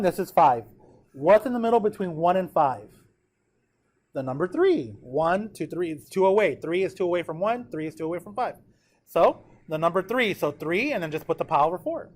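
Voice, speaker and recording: Speaking to his class, a slightly high-voiced man walks through a math lesson, now and then pausing to make sure the students understand. His manner is animated, casual and encouraging, with a slightly mellow quality.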